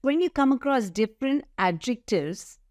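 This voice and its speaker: A middle-aged woman teaching an English grammar lesson, slowly listing words and spelling out letters. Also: on the high side, expressive, darkish tone, no room sound, studio quality. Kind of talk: slow, deliberate grammar lesson.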